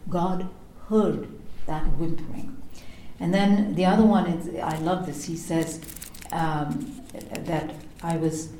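A middle-aged woman giving a devotional teaching on prayer, telling stories expressively and slowing down to read scripture. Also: fairly low pitch, fairly even intonation, warm tone, slight background noise. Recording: echoey room.

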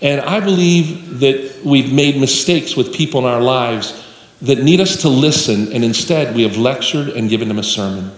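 A man's voice: mid-range voice, normal speed. A male pastor preaching a sermon with folksy storytelling, addressing the congregation directly. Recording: echoey live hall with room noise.

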